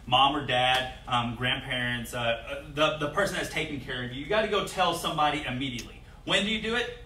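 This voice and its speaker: A young man teaching children a safety lesson as a martial arts instructor, coaching energetically and shouting out example phrases for them to repeat. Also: medium pitch, a little fast, roomy sound, far from the mic, a little hiss or hum.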